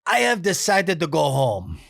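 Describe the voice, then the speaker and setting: A man voicing a pleading, nice-guy man with a put-on Spanish accent, in the hoarse, scratchy style of old dubbed films. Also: a little high, wildly swooping pitch, measured pace, a bit bright, dry recording, clean studio sound, voice pushed up, heavily acted.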